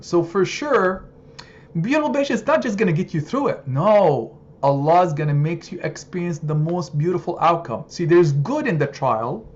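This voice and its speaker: Expressive male religious teacher. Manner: expressive, builds to emphatic high points. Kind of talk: sermon-style study circle talk. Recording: slightly dull sound, faint background noise.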